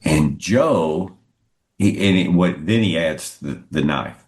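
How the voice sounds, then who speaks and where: An older man, a guest sportswriter, telling anecdotes in a lively conversational way and acting out what others said. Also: slow pace. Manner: lively storyteller who acts out quotes with pitch jumps. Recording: roomy echoey sound.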